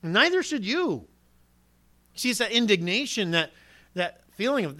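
A man's voice: high-pitched, very animated, a little slow, long pauses, bright, forceful tone. A man preaching a sermon in an earnest, direct way, asking rhetorical questions and acting out what people might say.

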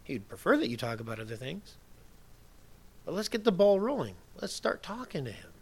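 A man preaching a sermon as pastor, emphatic, moving from soft asides to loud declarations. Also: a little high, very animated, fairly quick, breathy edge.

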